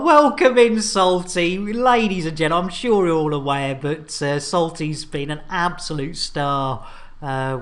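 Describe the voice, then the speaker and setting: A woman chatting casually to her viewers on a live game stream, animated and chatty with lots of fillers. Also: sits low. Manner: animated, chatty, full of fillers and thank-yous.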